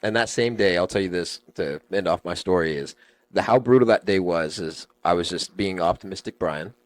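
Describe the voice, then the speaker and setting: A young man, a podcast guest, telling stories in animated, slangy casual chat and swearing freely. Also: deep voice, brisk.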